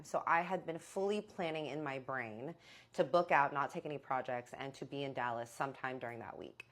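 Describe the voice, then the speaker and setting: A young adult woman casually telling a personal story to camera, animated and exasperated, acting out the dialogue. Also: extremely low pitch. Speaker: vlogger.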